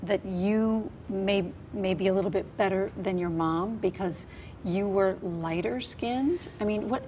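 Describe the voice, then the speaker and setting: A woman interviewing a guest for a local TV news segment, asking gentle, probing questions. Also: mid-range voice, unhurried, slight background noise.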